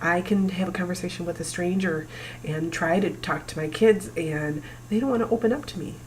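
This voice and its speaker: A woman in her forties talking to camera about her family's past, emotional and halting, pausing often. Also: fairly low pitch, slight background noise, rough recording. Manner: emotional, halting, breaks down at times. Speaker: vlogger. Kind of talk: personal talk to camera.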